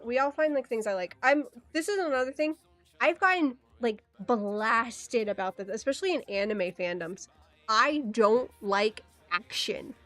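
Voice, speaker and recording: A woman livestreamer chatting casually with her viewers, rambling with quick asides, giggles and playful exclamations. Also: on the high side, fairly bright tone. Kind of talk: casual rambling stream chat.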